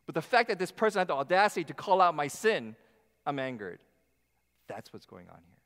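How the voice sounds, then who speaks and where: A middle-aged man preaching a sermon as pastor, animated, with acted asides to the congregation. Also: on the high side, brisk. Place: church sanctuary. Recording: long hall reverb.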